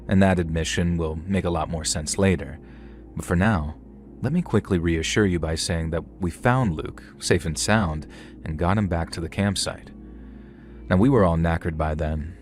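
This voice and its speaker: A young man narrating a first-person horror story in a measured, conversational way with casual slang. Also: low voice. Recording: faint music underneath.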